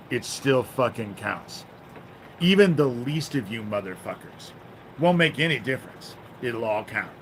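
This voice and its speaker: A man's voice: medium pitch, a bit bright, slight background noise, rough recording. A man hosting a livestream, ranting angrily and swearing a lot, often tagging his sentences with "you know?". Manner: profane, angry ranting; fills pauses with "you know?". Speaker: livestream host. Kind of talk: livestream monologue.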